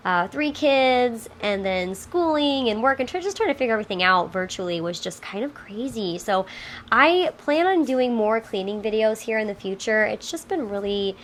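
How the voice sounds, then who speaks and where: A woman's voice: a little high, lively intonation, moderate pace, slight background noise. A woman in her thirties, sounding a little nasal from a cold, chatting upbeat with small fillers while she cleans her kitchen. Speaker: home vlogger. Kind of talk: casual talk over cleaning footage.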